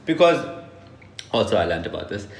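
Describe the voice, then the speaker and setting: A man's voice: fairly low pitch, sing-song, moderate pace, creaky. A man from South Africa co-hosting a podcast, chatty and explaining in casual talk. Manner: chatty, explaining, laughs along. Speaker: podcast co-host. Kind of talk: casual chat. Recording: roomy echo.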